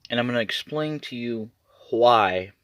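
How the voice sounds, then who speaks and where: A man's voice: medium pitch, lively intonation, measured pace, fairly bright tone, no echo. A man giving a casual, rambling update to his channel's viewers, restarting sentences often. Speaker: YouTuber.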